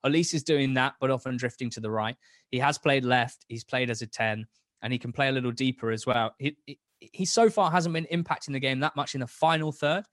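A young man appears as a guest on a football podcast, chatting casually with enthusiasm and rambling, often restarting his sentences. His voice is mid-range and fairly bright, and he talks a little fast. The recording is dry and studio quality.

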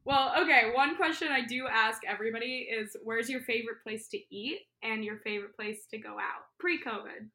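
Bright, giggly woman hosting a podcast. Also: a little high, brisk, few pauses. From New York. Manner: giggly, teasing. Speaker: podcast host. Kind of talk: casual podcast chat.

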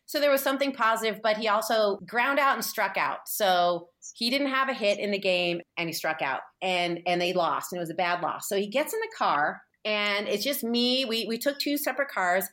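A woman's voice: medium pitch, fairly bright tone. A woman in her forties from San Francisco, telling a personal parenting story as a podcast guest, rambling with lots of fillers and restarts. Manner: rambling with many fillers and restarts, emotional, tearful at times. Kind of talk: candid conversational storytelling.

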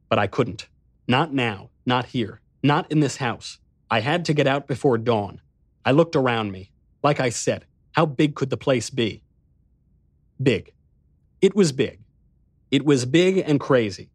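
A man narrates a story in the first person with tense, breathless intensity. His voice is mid-pitched and recorded close in a dry studio booth. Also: dry recording.

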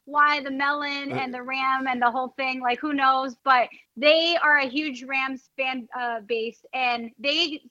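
Speaking a little slowly and with few pauses, a young Bronx-accented woman chats loosely in an interview, leaning on fillers such as "like" and "you know." She reports on an NFL team and hosts a podcast. Her high-pitched, pushed, bright voice stays fairly even in intonation, captured with no echo on a dull, dry, somewhat lo-fi recording.

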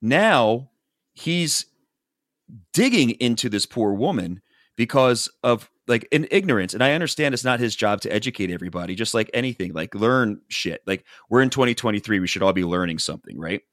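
A man's voice: lowish voice, expressive, normal speed, a bit bright, dry recording, clean studio sound. A man casually recapping a reality show for a podcast, rambling with lots of fillers and acting out what people said. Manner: rambling storyteller, heavy "like" fillers, acts out quotes. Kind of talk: casual chat.

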